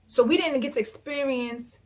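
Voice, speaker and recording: Woman, high voice, animated storyteller, acts out other people's lines. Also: normal speed. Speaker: reality show cast member, guest.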